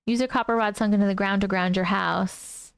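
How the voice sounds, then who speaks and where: A woman's voice: medium pitch, steady tone, brisk, vocal fry, clear, resonant tone, dry recording, studio quality. A woman hosting a casual livestream at home, reading viewer comments aloud, easily spooked and laughing often. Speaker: host reading viewer stories. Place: home room.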